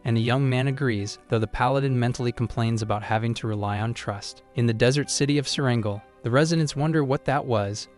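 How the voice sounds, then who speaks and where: A man narrating a story recap in a steady storytelling style. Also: medium pitch, a little fast, hardly any pauses, faint music behind. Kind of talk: scripted narration.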